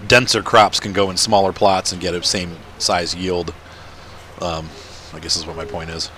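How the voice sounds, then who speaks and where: A man with a lowish voice rambles through casual gameplay commentary, laughing as he goes. He is recording at home, with faint noise in the background. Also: flat delivery, normal speed, pushed and bright. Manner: rambling, chatty, laughs often. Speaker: let's-play gamer.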